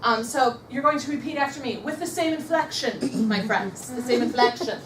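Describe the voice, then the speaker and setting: A brisk, upbeat woman running a motivational sales training and getting the room to repeat affirmations after her. Her voice sits a little high. She is recorded from a distance in a roomy, echoey space. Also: noisy background. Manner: upbeat, coaching, leads the audience in repeating affirmations. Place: meeting room with a live audience.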